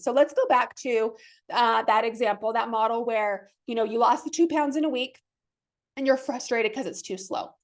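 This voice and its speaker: A woman in her thirties hosting a fitness podcast, talking casually and enthusiastically and acting out the thoughts people have in their heads. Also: high-pitched. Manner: chatty, enthusiastic, acts out her own inner thoughts. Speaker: fitness coach and podcast host. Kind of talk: casual motivational podcast talk.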